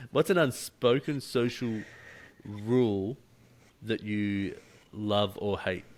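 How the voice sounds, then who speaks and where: A man's voice: on the low side, extremely slow. A man hosting a podcast, chatting casually and acting out quotes with laughter. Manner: animated storyteller, acts out quotes, laughs. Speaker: podcast host. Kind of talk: casual interview chat.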